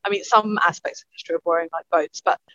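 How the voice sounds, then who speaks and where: East London woman co-host, gushing, mid-pitched, recorded dry and lo-fi. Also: fast, no room sound. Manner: excitable, gushing. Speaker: podcast co-host. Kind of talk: casual chat. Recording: dry, dull lo-fi sound.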